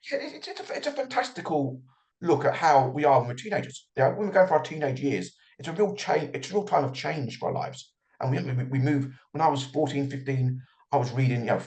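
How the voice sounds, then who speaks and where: A man's voice: mid-range voice, expressive, fairly quick, darkish tone. Reflective middle-aged man, restarting thoughts. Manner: reflective, repeats words when starting thoughts. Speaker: author guest. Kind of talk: relaxed interview answers.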